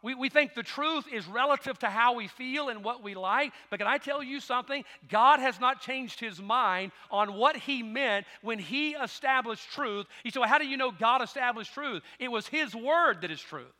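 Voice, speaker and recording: A man's voice: very high voice, lively intonation, moderate pace, hardly any pauses, bright, forceful tone, in a large hall. A middle-aged man with a Southern American accent, preaching a sermon as pastor in folksy storytelling that rises to emphatic preaching. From Southern United States.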